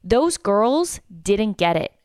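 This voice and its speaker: A woman's voice: medium pitch, takes it slowly, smooth, no echo, clean studio sound. A young woman from Canada, a comedian casually telling a story on a podcast and acting out what people said. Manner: animated, acts out quotes.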